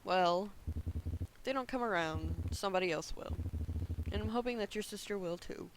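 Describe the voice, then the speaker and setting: Man voicing a gentle proud older father, soft reassuring manner, high voice. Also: normal speed, a little hiss or hum, close to an everyday voice, rough recording.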